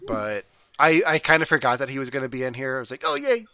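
Bright-voiced male podcast host. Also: medium pitch, fast talker, clean tone, no echo. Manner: rambling, hesitant, many fillers. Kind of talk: casual movie podcast chat.

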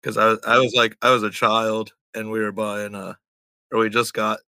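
A man with a very bright, sharp voice chats over a video call. He swears freely and laughs his way through rambling stories. His mic picks him up close and dry. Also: lowish voice, flat delivery, moderate pace, smooth, dry recording. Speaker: stranger met on video chat. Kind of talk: casual storytelling chat. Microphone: computer mic on video call.

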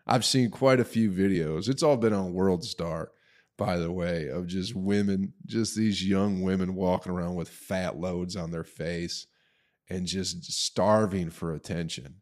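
A man's voice: low-pitched, unhurried, darkish tone. A man hosting a podcast, delivering a crude, profane, scornful rant in a casual comedic style. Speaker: podcast host.

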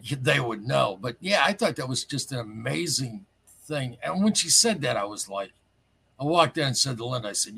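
A man telling a personal story in casual, rambling talk, excitable and full of asides. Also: mid-range voice, vocal fry, breathy edge. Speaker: caller telling his story.

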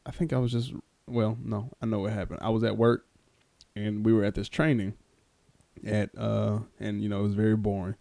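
A man's voice: fairly low pitch, normal speed, vocal fry, no echo. A man hosting a casual podcast who teases his co-host, laughs often and tells stories loosely with many fillers. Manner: teasing, animated, laughs often.

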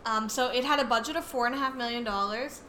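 A woman's voice: on the high side, quick pace, bright, forceful tone, a little hiss or hum. Easygoing young woman co-host. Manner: easygoing, reads facts with dry asides. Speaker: podcast co-host. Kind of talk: casual chat.

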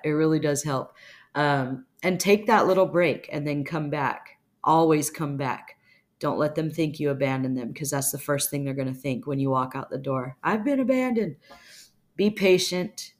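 A woman hosting an advice show, speaking bluntly and calmly, with casual swearing, as she answers a listener's question. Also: low voice. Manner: calm, steady, instructive. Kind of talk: advice monologue.

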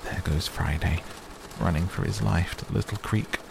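A gravelly, very deep old miser , as a man reads him aloud, caught between laughing and crying. His low, creaky voice sits over a steady bed of rain sounds. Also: normal speed, background noise, full character voice. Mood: excited. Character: old male miser, tearful and overjoyed.

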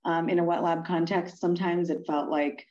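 Female interview guest from Pennsylvania, deep voice, halting answers, dull lo-fi sound. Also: flat delivery, a little mellow. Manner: thoughtful, halting, many fillers and restarts.

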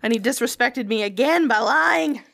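A woman's voice: fairly high pitch, expressive, normal speed, creaky, a bit bright. A young woman in casual chat, telling a story with lots of swearing and acted-out quotes.

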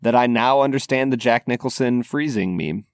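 A man's voice: mid-range voice, moderate pace, creaky, dry recording, clean studio sound. A man co-hosting a podcast, talking easily about films and laughing often. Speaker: podcast co-host. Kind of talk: casual chat about films.

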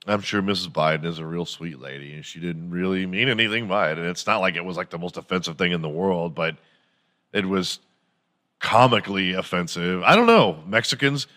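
A man's voice: low voice, a bit bright. A man hosting a podcast in a crude, mocking comedic rant, swearing freely and slipping into silly impressions. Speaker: podcast host.

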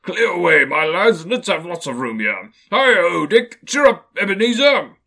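A man voicing a jovial, fat old merchant with a rich, oily voice and loud, exuberant calls. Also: sits high, sing-song, moderate pace, creaky, pitched above the performer's own voice, full character voice. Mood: boisterous.

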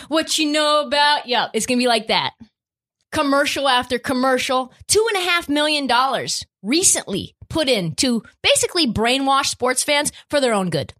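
High, lively woman ranting about sports. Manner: emphatic, swearing, ranting. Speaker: sports podcast host. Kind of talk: opinionated sports commentary chat.

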